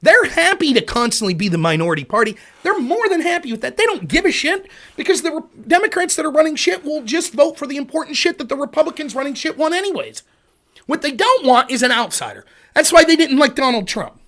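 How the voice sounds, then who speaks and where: A man's voice: very high voice, big pitch swings, quick pace, sharp tone. A man hosting a political livestream, ranting heatedly and sarcastically with frequent swearing. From Pennsylvania. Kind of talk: profane political rant.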